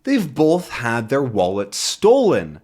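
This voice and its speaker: A man's voice: medium pitch, a little slow. A man teaching English, patiently explaining words from a comic with everyday examples. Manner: animated voice, jumps into acted quotes. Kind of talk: language lesson explaining a comic.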